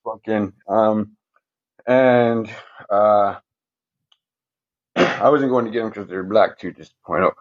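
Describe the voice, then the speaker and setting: A man's voice: lowish voice, slow, pauses often, muffled recording. A man telling stories as a podcast guest in a casual, rambling way, swearing constantly and ending sentences with "right?". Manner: rambling, heavy swearing, frequent "right?" tags. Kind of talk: casual storytelling interview.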